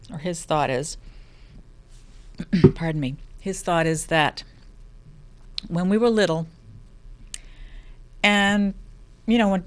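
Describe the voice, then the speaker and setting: A middle-aged woman hosting a lifestyle talk, speaking casually with many restarts and playful asides. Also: lowish voice. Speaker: host of a lifestyle show. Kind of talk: casual spoken talk on self-help.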